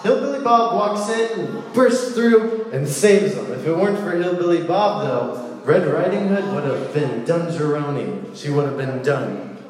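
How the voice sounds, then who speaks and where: A man giving a casual, playful sermon, telling a story with lively asides. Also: on the high side, measured pace. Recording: echoey hall with long reverb.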